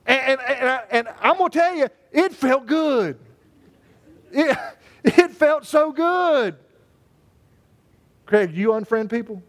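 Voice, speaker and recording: A man's voice: extremely high pitch, expressive, slow, pauses often. A man, preaching a sermon in a folksy, joking way and calling on members of his congregation by name. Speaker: pastor.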